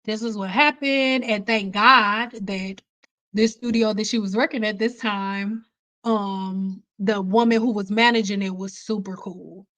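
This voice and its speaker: A woman's voice: mid-range voice, fairly even intonation, unhurried, fairly bright tone. A woman hair stylist hosting a livestream, telling candid stories in a casual, emphatic way. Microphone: computer mic on a livestream.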